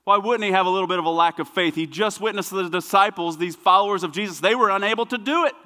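A man preaching a sermon as pastor, with emphatic repetition that swings between hushed and loud passages. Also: high voice, fast talker. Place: church sanctuary. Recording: long hall reverb.

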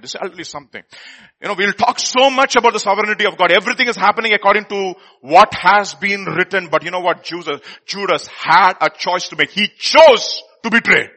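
A man preaching a sermon, reading scripture and acting out the scenes. He talks animatedly, swinging between loud exclamations and near-whispers. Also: high voice, a little fast.

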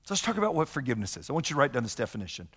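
A man preaching a sermon as a pastor, conversational and animated, often acting out the voices of the people he quotes. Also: medium pitch, racing, breathy edge. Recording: long hall reverb.

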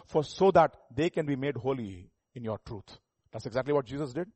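A man preaching a sermon, emphatic, swinging between loud and soft, asking the listeners rhetorical questions. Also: medium pitch, animated, fairly quick, slightly rough, no room sound. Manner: emphatic, rising and falling volume, rhetorical questions.

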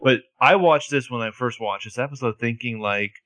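A man's voice: medium pitch, moderate pace, fairly bright tone, dry recording. A man co-hosting a casual podcast, talking through a TV episode with lots of "like". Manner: chatty, lots of "like" and restarts. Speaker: podcast co-host recapping a TV episode. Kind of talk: casual chat.

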